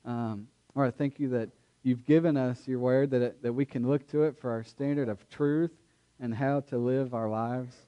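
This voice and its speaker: Guy preaching in church, earnest, leans on words, middle pitch. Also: fairly even intonation, smooth, dull audio. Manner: earnest, emphatic preaching with pauses and restarts. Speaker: pastor. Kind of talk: sermon with scripture reading.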